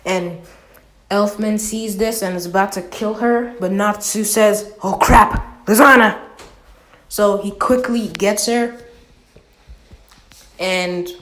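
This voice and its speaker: A woman's voice: medium pitch, steady tone, slow pace, pauses often. A woman casually retelling a fan-made anime story, rambling with fillers and self-corrections.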